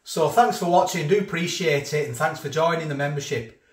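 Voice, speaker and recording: A man chats about food as he eats, in a voice sitting a little above the usual for a man. He circles back and repeats his points in a relaxed vlog manner, with a roomy echo around him. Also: on the high side, brisk. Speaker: food reviewer. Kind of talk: casual food review vlog.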